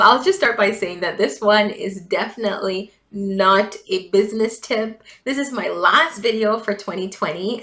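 A chatty, giggly woman from Jamaica records a casual personal vlog at home, her light Jamaican accent blended with Canadian. She is a vlogger and event business coach with a medium-pitched, sharp-toned voice.

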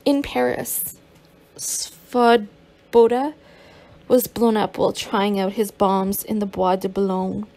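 Gravelly-voiced woman narrating an audiobook. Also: mid-range voice, steady tone, slow, dark tone. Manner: reads with occasional stumbles and restarts.

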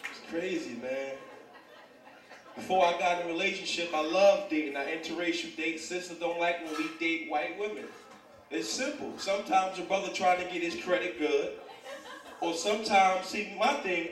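High-voiced stand-up comic in an echoey club. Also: male voice, normal speed. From New Jersey. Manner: animated, switching into quoted voices and singing. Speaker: stand-up comedian. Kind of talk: stand-up comedy set. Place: comedy club with a live audience. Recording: echoey club from far off, crowd noise.

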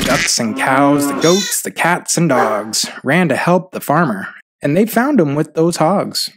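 Slow, expressive man reading a picture book. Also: a little high, noisy background. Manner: expressive, rhythmic rhyming delivery. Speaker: children's book reader. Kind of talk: read-aloud storybook narration.

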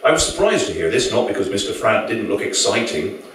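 A man's voice: on the low side, big pitch swings, fairly quick, fairly bright tone, slight background noise. A male author reading his novel aloud to an audience at a live venue, with dry, wry storytelling. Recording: very echoey room, mic far off.

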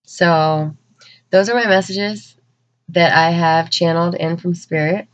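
A woman tarot reader delivering a channeled spiritual message to viewers, talking in an earnest, emotional way with many pauses. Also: lowish voice, fairly even intonation. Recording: dull lo-fi recording.

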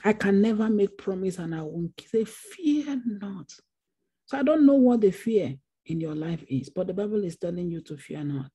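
A woman's voice: mid-range voice, expressive, moderate pace, mellow, slightly rough. A woman pastor preaching a Bible study sermon, repeating phrases for emphasis. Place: church.

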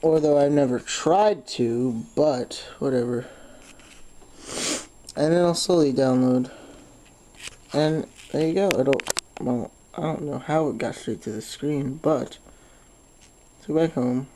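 Man hosting a casual phone how-to, mellow voice, stuffy nose, loose and rambling with fillers. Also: medium pitch, takes it slowly, pauses often, a little hiss or hum. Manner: rambling, lots of "um", swears when frustrated. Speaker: tutorial host. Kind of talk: casual screen-recorded phone tutorial.

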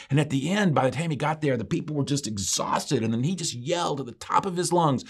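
A man pastor telling a story in a sermon, moving from quiet, slow lines to loud, rising refrains. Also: medium pitch, lively intonation, husky. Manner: builds from quiet drawl to shouted refrain.

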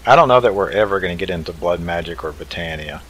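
A man's voice: low-pitched, expressive, fast, fairly bright tone, poor audio. A man hosting a let's play, thinking aloud in an easygoing way as he builds. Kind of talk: casual game commentary.

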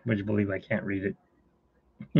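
A man's voice: lowish voice, level tone, normal speed, gravelly, phone-quality sound, a little hiss or hum. A middle-aged man hosting a casual live stream from home, rambling and chuckling as he talks to viewers while he sketches. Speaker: host.

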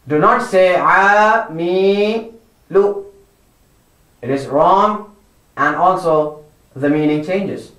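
A man's voice: a little high, slow, a bit bright, roomy sound, rough recording. A male Quran recitation teacher giving a children's lesson, patiently repeating each word and correcting wrong versions.

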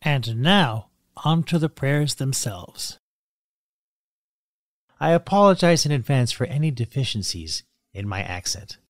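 A man reads his podcast script and recites prayers slowly and solemnly. His pitch rises and falls a lot as he prays. The sound is dry and close. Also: no room sound. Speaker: podcast host.

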